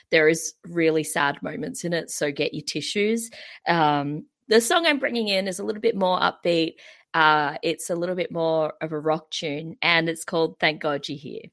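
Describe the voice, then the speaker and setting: A woman's voice: low voice, vocal fry, fairly bright tone. An Australian woman co-hosting a podcast in casual chat, talking with many fillers and frequent giggles. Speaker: podcast co-host.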